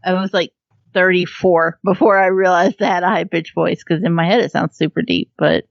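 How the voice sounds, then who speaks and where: A woman's voice: on the low side, steady tone, moderate pace, gravelly, no echo, muffled recording. A woman co-hosting a podcast in casual chat, telling a story with lots of laughter and cursing. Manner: laughing storyteller, swears freely. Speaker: podcast co-host.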